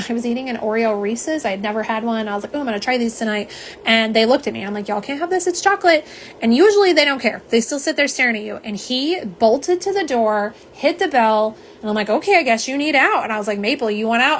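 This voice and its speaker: A woman's voice: on the high side, slight background noise. Chatty woman swatching polish. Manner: chatty, rambling, reads viewer comments aloud. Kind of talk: live unboxing chat. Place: home.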